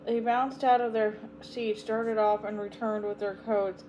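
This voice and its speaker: Woman reader, storybook narration, expressive and emphatic, mid pitch. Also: a little slow, a little hiss or hum, poor audio. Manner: expressive, emphatic, tender at sad parts. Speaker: audiobook reader, channel host. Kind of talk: storybook reading aloud.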